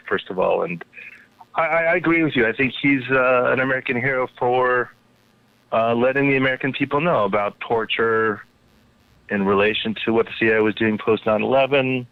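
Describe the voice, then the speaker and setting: Guest: a man of medium pitch, rambling and restarting, heard through a tinny phone line. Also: fairly quick, clean tone, no room sound. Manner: rambling, with many fillers and restarts. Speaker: guest, anthropologist and poet. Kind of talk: casual interview over a phone line.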